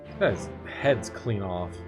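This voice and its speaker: Slow, low-voiced male streamer. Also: lively intonation, over music. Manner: thinking aloud, musing. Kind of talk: casual game commentary.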